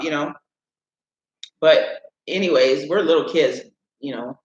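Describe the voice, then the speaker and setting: Expressive and at normal speed, a man from Illinois with a fairly high, fairly bright voice rambles through a childhood story on a live stream, repeatedly using "anyways" and "right?" The casual storytelling is recorded with dull, echoey sound.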